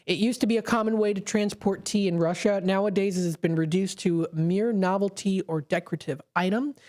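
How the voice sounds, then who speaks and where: A woman's voice: mid-range voice, a little mellow. A woman hosting a local radio show, chatting casually and rambling a little, with frequent fillers and easy laughs. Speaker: radio host. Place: radio studio. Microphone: studio microphone.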